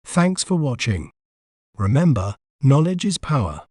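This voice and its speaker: A man narrates a pronunciation lesson at an unhurried pace, his voice mellow and dark. His pitch moves in a lively way, and the recording is dry and close. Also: no room sound. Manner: slow, measured, spelling words out syllable by syllable. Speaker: pronunciation guide host. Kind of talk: scripted educational narration.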